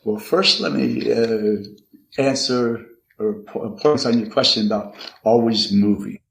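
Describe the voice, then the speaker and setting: An older man, a podcast guest, earnestly telling a personal story about his father, halting often with repeated restarts. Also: mid-range voice, vocal fry. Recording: echoey room. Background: card shuffling.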